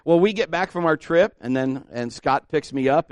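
A man's voice: medium pitch, lively intonation, normal speed, dry recording, studio quality. Emphatic folksy preacher, a man. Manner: folksy, emphatic, repeats key words. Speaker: pastor. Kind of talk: sermon.

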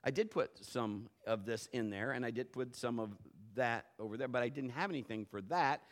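At a moderate pace, a middle-aged man preaches as a pastor, recounting a story while his voice shifts from low murmuring to loud bursts.

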